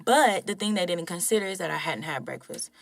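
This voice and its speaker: A young adult woman from Georgia, telling a story in casual podcast chat, animated and candid. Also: lowish voice, fairly quick, gravelly, no room sound. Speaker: podcast co-host.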